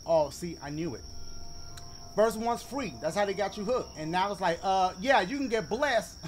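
A man hosting a let's play, commenting on the game in an animated, joking, slangy way. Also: high-pitched, a little slow, pauses often, a little hiss or hum. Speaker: gaming video host.

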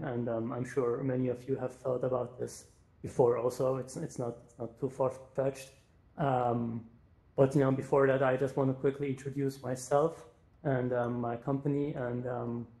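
A man's voice: medium pitch, darkish tone. A man giving a conference talk as a startup co-founder, hesitant, with many fillers and restarts. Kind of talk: conference talk in a virtual space. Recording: roomy echo.

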